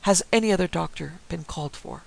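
A man's voice: on the high side, a little fast, creaky, low-quality recording. A man voicing an older Dutch male doctor who speaks curtly and commands. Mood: questioning. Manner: curt, commanding.

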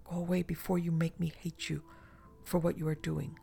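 A reader voicing a weary, sad Spanish noblewoman in an audiobook, speaking slowly and quietly. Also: mid-range voice, little pitch movement, creaky, faint music behind. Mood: grave, sorrowful. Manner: slow, grave and quiet. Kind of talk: audiobook reading.

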